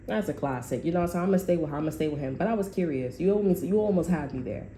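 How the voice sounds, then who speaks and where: A woman's voice: on the low side, very fast, mellow, echoey room, a little hiss or hum. A young adult woman giving a casual tarot reading, blunt and profane, drifting into personal stories. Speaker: tarot reader.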